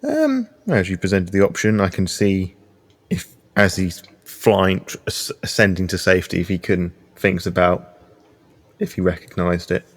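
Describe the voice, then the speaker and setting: Deep-voiced man thinking aloud. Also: big pitch swings, normal speed. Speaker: player. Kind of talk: tabletop game play.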